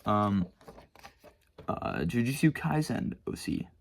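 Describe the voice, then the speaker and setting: A man's voice: mid-range voice, sing-song, slow pace, vocal fry, a little hiss or hum. A teenage boy casually rambling about his own sketchbooks at home, swearing and mocking himself. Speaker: vlogger showing his sketchbooks. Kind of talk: casual chat.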